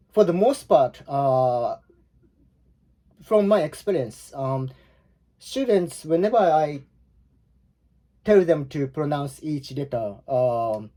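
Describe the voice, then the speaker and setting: Mellow-voiced teacher explaining haltingly. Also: male voice, a little high. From Japan. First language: Japanese. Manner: halting, searching for words with frequent restarts. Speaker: Japanese language teacher. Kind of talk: explanatory online lesson.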